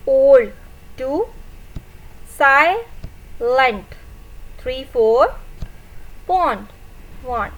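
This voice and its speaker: A woman's voice: high voice, a bit bright, low-quality recording. A woman teacher with a Pakistani English accent, patiently counting out syllables in a recorded lesson for young pupils. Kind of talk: recorded online class lesson.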